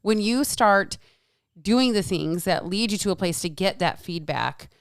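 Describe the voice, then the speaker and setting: A woman's voice: mid-range voice, lively intonation, measured pace, smooth, dry recording, studio quality. A woman, chatting frankly as a podcast guest, swearing freely and acting out quotes. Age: 40s. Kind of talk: casual podcast chat.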